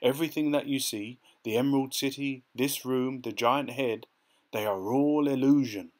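An old wizard from a storybook, grand and then apologetic, as a male narrator puts him on. The voice sits in a middle pitch. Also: normal speed, darkish tone, close to an everyday voice.

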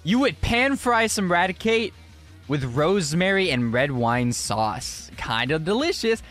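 Animated young man streaming a game. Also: a little high, a little slow, soft background music. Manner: animated, exclaiming, casual slang. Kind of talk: live gameplay commentary, chatting with viewers.

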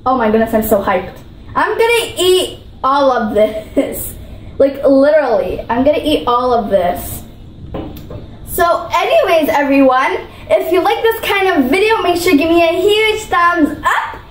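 High, bubbly woman vlogger. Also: animated, measured pace, reverberant, slight background noise, poor audio. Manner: bubbly, gushing, repeats herself. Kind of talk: food challenge vlog.

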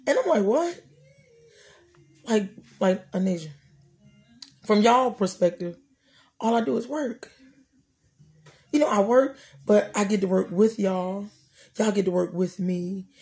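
On her podcast, a middle-aged woman speaks about faith and prays with a repetitive, preacher-like rhythm. Her mid-range voice is a little mellow and measured, broken by long pauses.

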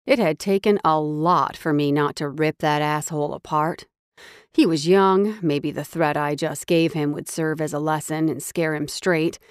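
Low-voiced woman narrating a romance audiobook. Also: dry recording, studio quality.

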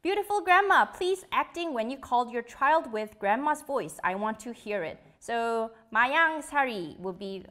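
A woman's voice: sits high, lively intonation, a little slow, hardly any pauses, fairly bright tone. A young woman, hosting a live quiz show in playful, giggly chat while reading out viewer comments. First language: Korean.

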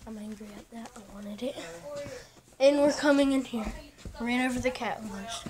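A teenage girl vlogs a tour of her house, walking through rooms and outdoors, filmed on a handheld phone in a noisy home video. Her fairly high, slightly mellow voice moves at normal speed as she rambles casually with distracted asides.

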